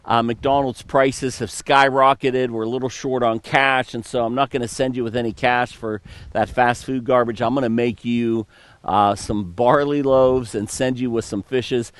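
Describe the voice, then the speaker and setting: A man voicing a practical, thrifty mother who briskly explains the packed lunch. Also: mid-range voice, fairly even intonation, clear, resonant tone, no echo, natural voice. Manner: brisk, matter-of-fact.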